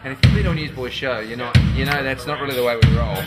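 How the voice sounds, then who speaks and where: A man's voice: medium pitch, rapid-fire. A man in a touring band, talking casually to the camera in an upbeat, chatty video diary. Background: loud music.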